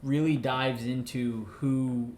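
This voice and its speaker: A young man co-hosting a casual movie chat, animated, often repeating words as he restarts his point. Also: mid-range voice, slow, slight background noise. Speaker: podcast co-host.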